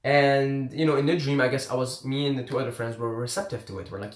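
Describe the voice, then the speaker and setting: A man's voice: mid-range voice, brisk, hardly any pauses. A man from Syria casually telling a story, laid-back and rambling with lots of fillers. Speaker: self-help vlogger. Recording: echoey room.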